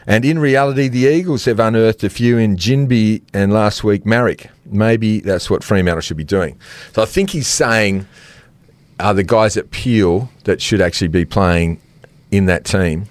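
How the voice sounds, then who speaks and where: A middle-aged Australian man co-hosting a sports podcast, telling stories with lots of laughs and animated swings into quoted voices. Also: normal speed, dry recording. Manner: animated storyteller, laughs often, jumps pitch for quoted voices. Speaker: podcast co-host. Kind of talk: casual sports chat.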